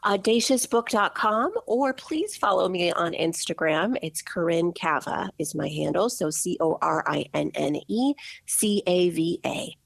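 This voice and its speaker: A woman with a low, gravelly voice, talking enthusiastically as a guest author in an interview. The sound is dry and close, with no room around it. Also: unhurried, dry recording. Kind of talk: interview conversation.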